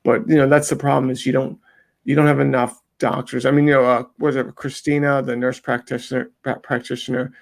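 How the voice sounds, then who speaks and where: A man with a gravelly, creaky voice talks as a guest on a casual interview show. He rambles and restarts often, acting out the people he is describing. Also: mid-range voice, level tone, brisk. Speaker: interview guest, undercover video maker.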